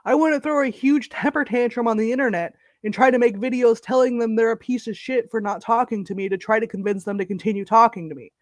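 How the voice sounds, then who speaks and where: High-voiced scornful man, dry sound. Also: quick pace, few pauses, dry recording. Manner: blunt, scornful, swears. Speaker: stream co-host. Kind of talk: casual reaction commentary.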